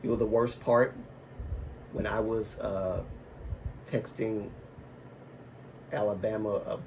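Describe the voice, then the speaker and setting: A man's voice: on the low side, little pitch movement, slow pace, a little mellow, recorded from a distance, slight background noise. A man hosting a casual livestream, talking in a rambling, self-correcting way and laughing at his own remarks, with a lingering cough. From American South and Baltimore. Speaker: livestream host. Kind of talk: casual live-stream chat.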